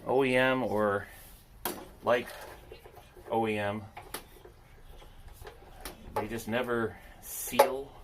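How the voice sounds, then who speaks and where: Repairing a machine amid background noise, this landscaping business owner rambles in a medium-pitched, fairly even voice. He draws out his words, leaves long pauses, and jokes at his own expense while chatting to himself.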